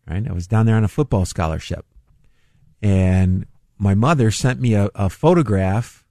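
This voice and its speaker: A man's voice: lowish voice, dark tone, no room sound, clean studio sound. An older man from Northeast Ohio hosting a radio talk show, rambling casually and chuckling at his own jokes. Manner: rambling, chuckling, self-deprecating. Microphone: studio microphone.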